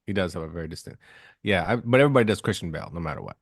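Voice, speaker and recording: A man's voice: sits low, sing-song, rapid-fire, creaky, no echo, studio quality. A man hosting a podcast in casual chat, joking and rambling loosely. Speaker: podcast host.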